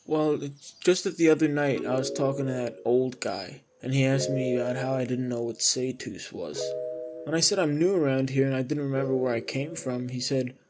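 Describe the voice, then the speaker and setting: A man voicing a young cartoon wanderer who rambles earnestly to his pet bird, with an ordinary middle-pitched voice. Music plays clearly behind him. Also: moderate pace, close to an everyday voice. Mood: wistful.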